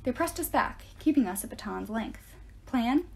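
A woman reading a novel aloud in steady first-person storytelling. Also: on the high side, moderate pace, vocal fry. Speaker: audiobook reader.

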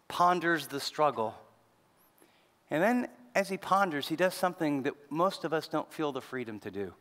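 A male pastor giving a sermon in a conversational style, swinging between soft, low passages and louder, raised lines. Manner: conversational preaching, acts out quoted voices, shifts between loud and soft. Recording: long reverb of a large hall.

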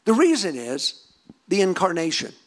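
A man preaching a sermon in a high voice that swoops up and down. He presses into fervent, near-shouted emphasis as he exhorts his congregation. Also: huge pitch swings, moderate pace. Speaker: pastor.

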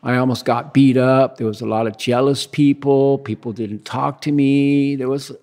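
A man in his sixties from the United States, telling stories as a guest in a relaxed, rambling way and acting out the dialogue he quotes. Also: mid-range voice, moderate pace. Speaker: guest, big-wave surfer. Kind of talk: casual storytelling interview.

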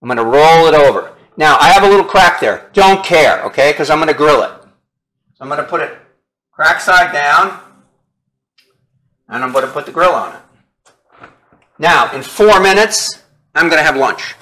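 A chatty chef walks viewers through a recipe in his home kitchen, full of enthusiasm and constant check-ins with the audience. His voice sits a bit high for a man and has a bright, forward edge. He talks casually, like a friend cooking next to you. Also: lively intonation, moderate pace, long pauses, poor audio. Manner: chatty, keeps checking in with "okay?" and "right?"; upbeat and enthusiastic about the food. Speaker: chef hosting a cooking show.

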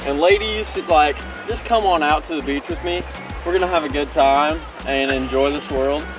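A man's voice: on the high side, moderate pace, music in the background. A man from Missouri, an intern on an outdoor show, talking in a goofy, hammy way. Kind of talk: casual outdoor show chat.

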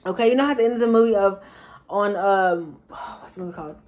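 A woman's voice: mid-range voice, fast talker, a little mellow. Woman, tarot reader, casual and slangy, talks straight to her viewers. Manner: chatty, slangy, repeats herself for emphasis.

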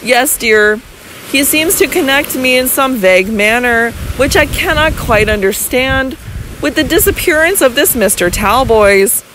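A woman's voice: high-pitched, expressive, unhurried, slight background noise, voice pushed up, low-quality recording. A woman doing a sweet, fragile Lady Audley. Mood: plaintive. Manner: soft, injured, coaxing pleas. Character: young wife, sweet, fragile, secretly scheming.

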